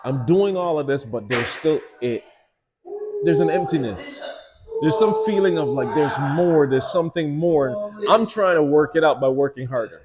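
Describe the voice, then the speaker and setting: A man's voice: fairly high pitch, lively intonation, moderate pace, heavy background noise. A middle-aged man from Barbados, a guest author in a casual interview, telling stories animatedly and acting out quoted dialogue.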